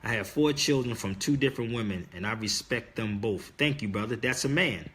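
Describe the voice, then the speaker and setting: This livestream host is a middle-aged man speaking fairly quickly in a lowish, slightly bright voice. Talking straight to his audience, he preaches casually and insistently, hammering his key words again and again as if delivering a sermon.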